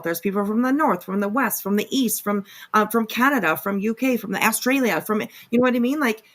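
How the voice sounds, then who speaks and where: Rambling woman reaction host. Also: a little high. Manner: rambling, heavy with "like" and "um". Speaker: commentary host. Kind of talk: casual reaction chat.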